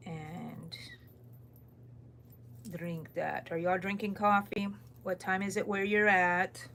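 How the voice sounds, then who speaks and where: A woman's voice: lowish voice, a bit bright, slight background noise. A woman from Texas with a Texan accent, chatting casually and rambling as she reads viewer comments while crocheting on a live stream. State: tired, yawning. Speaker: crochet channel host.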